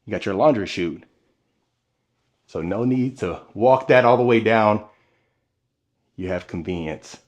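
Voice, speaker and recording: A man's voice: fairly low pitch, a little slow, long pauses, highs cut off. A man hosting a walking home tour vlog, speaking to viewers with upbeat enthusiasm while filming.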